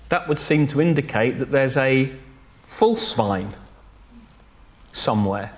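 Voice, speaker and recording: A man preaching a sermon in a slow, deliberate way, pausing to correct himself and adding a light joke now and then. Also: mid-range voice, animated.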